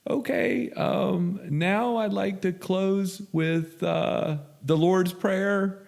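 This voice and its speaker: A man's voice: high-pitched, fairly even intonation, extremely slow, vocal fry, darkish tone, voice pushed up, full character voice. A man doing a shaky, timid young woman. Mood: nervous. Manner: shaky, hesitant. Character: nervous timid young woman newly sober.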